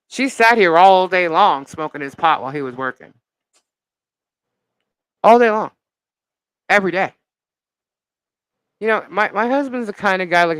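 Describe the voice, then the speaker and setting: A woman live-streaming as a vlogger, telling a gossip story in an animated, indignant way with lots of fillers. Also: low-pitched, dry recording, rough recording.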